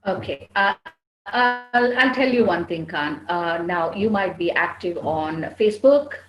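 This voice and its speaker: A soft skills trainer with an Indian English accent answers students' questions in a classroom Q&A lecture, firm and instructive. Her voice sits on the low side and is animated, at a measured pace. The audio is dull and roomy with echo, with soft background music and faint background noise.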